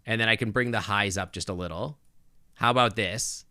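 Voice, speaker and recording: A man's voice: on the low side, fairly quick, pushed and bright, no echo. A male game streamer chatting casually with his viewers on a close desk microphone, thinking aloud with lots of restarts and asides.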